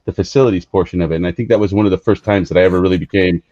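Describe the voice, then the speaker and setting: A man hosting an interview, telling a reflective story in a relaxed way with many fillers. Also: low-pitched, very fast, dry recording. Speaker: podcast host. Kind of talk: casual interview chat. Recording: slightly dull, dry sound.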